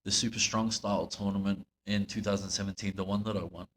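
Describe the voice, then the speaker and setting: A man with a New Zealand accent co-hosting a podcast. He chats in a relaxed way, with easy laughter. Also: low voice, fast talker, slight background noise. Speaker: podcast co-host, pro wrestler. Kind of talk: casual podcast chat. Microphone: podcast microphone.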